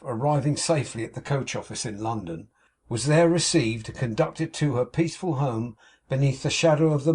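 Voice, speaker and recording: Male narrator, husky tone, measured classic-novel reading. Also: medium pitch. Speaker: audiobook narrator.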